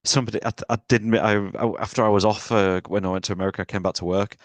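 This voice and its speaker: A man's voice: lowish voice, fairly even intonation, fast, no echo. A man hosting a casual movie podcast, joking and teasing his co-host in a rambling way.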